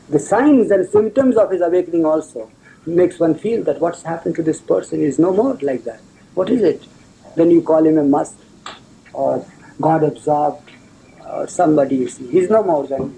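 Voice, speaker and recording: A man's voice: a little high, creaky, dark tone, poor audio. A man giving an earnest, explanatory spiritual talk.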